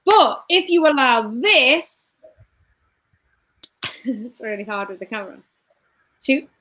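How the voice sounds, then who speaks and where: A woman's voice: fairly high pitch, lively intonation, slow pace, pushed and bright. A woman, a guest giving a motivational talk, repeating phrases emphatically and punching points with sound effects.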